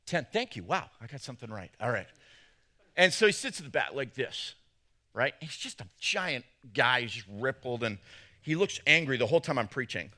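A man preaching a sermon as pastor, telling a story with big swings between loud bursts and hushed moments. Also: medium pitch, very animated, moderate pace.

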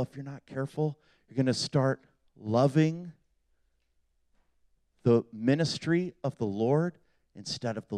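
Man, preacher, sermon, high voice, passionate, loud-then-hushed delivery, dry close recording. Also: no echo. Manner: passionate, swinging from loud appeals to hushed asides.

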